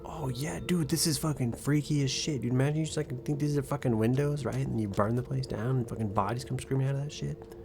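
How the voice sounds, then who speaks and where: A man's voice: mid-range voice, fast talker, vocal fry. A young man streaming a game, giving casual, profane, rambling and joking commentary. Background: faint background music.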